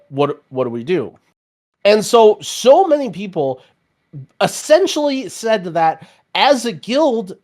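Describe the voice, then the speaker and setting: A man's voice: sits high, darkish tone. A young man co-hosting a gaming podcast, ranting in casual chat with lots of restarts and fillers. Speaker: podcast co-host.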